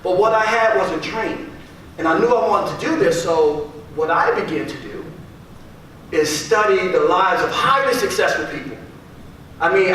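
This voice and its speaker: A motivational speaker with a high, fairly bright voice addresses a live audience in a large, echoey room, speaking emphatically and repeating key phrases for effect. The recording is very echoey and distant, with faint noise.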